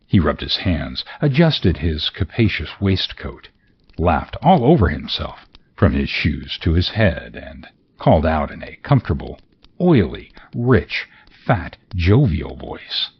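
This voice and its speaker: A man reading a classic story aloud as narrator, in an expressive, theatrical manner. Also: very deep voice, slow pace, slightly rough, dull audio. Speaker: audiobook narrator. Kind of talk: scripted narration.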